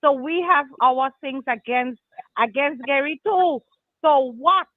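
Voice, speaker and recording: A woman's voice: sits high, a little slow, no room sound. Lady calling in all heated, stumbles on words, phone line sound. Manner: indignant, stammering. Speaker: caller. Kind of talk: angry phone-in call. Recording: dry tinny phone line.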